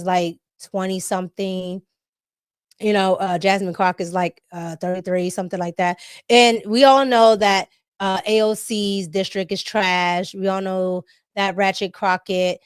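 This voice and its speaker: A woman hosting a casual political commentary vlog, talking in an animated way with frequent laughter and emphatic tag questions. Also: mid-range voice, no echo, studio quality. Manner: animated, laughing often, emphatic "okay?" tags.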